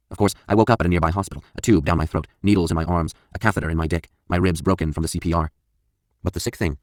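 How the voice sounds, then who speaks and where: A man's voice: deep voice, darkish tone, no echo, clean studio sound. A man reading a first-person memoir audiobook in a blunt, confessional, profane manner. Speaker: audiobook narrator.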